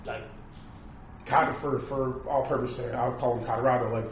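A man's voice: medium pitch, steady tone, normal speed, a little hiss or hum. Rambling man in an echoey room. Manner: rambling, filler-heavy, full of repeated "like". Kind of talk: casual storytelling. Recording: echoey, distant, dull lo-fi sound.

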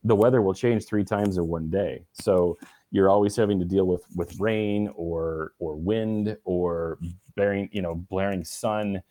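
A man answering interview questions in a relaxed, halting way, with many restarts and fillers. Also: low voice, no echo. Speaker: guest. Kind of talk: casual interview conversation.

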